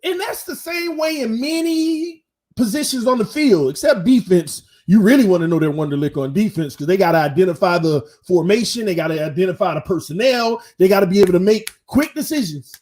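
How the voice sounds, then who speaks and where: A man's voice: high voice, a little fast. A man hosting his own sports channel, chatting casually and slangily to viewers on a live stream. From Florida. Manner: animated, talks straight to viewers, slangy.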